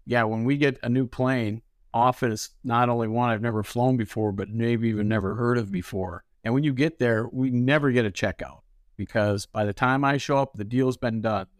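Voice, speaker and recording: A man spins animated stories, acting out each exchange with bursts of laughter. His voice sits at an ordinary pitch and the recording is dry and close. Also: moderate pace, no room sound. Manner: animated, laughing storyteller who acts out dialogue. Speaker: ferry pilot guest. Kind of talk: storytelling interview.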